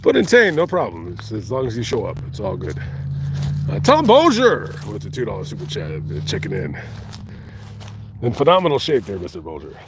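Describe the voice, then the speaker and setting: A man live-streaming outdoors in a cemetery, talking casually and reading viewer comments, with many halting restarts and fillers. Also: lowish voice, wildly swooping pitch, slight background noise. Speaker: vlogger reading live chat.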